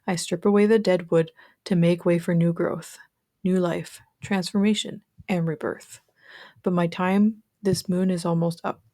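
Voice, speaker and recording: A woman putting on a raspy ancient crone. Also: fairly low pitch, fairly even intonation, unhurried, dark tone, no echo, studio quality, natural voice. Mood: solemn. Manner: solemn, proclaiming. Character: ancient wise crone, old woman, gruff yet grandmotherly.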